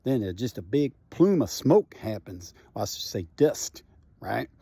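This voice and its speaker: A middle-aged man, a comedian, telling a personal story in a casual, animated and profane way, often tagging his lines with "right?". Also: fairly low pitch, a little slow, gravelly, slightly rough, no echo.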